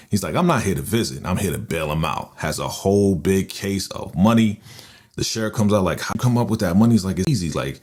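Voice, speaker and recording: Deep-voiced man animatedly recapping a show. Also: slightly rough. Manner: animated retelling, quoting characters with quick voice shifts and laughs. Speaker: TV recap host. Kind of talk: casual episode recap. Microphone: podcast microphone.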